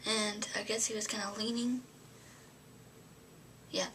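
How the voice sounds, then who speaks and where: A woman's voice: mid-range voice, level tone, unhurried, fairly bright tone, slight background noise. Young woman rambling with whispered asides. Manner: rambling, full of fillers, often drops to a whisper. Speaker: vlogger. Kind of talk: casual storytelling to camera.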